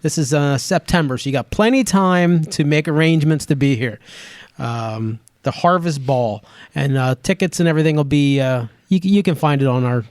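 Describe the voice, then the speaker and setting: Fairly high, dry-voiced man announcing events. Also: normal speed, darkish tone, no room sound. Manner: announcing upcoming events, loose and joking. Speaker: podcast co-host. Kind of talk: casual chat. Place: small podcast studio.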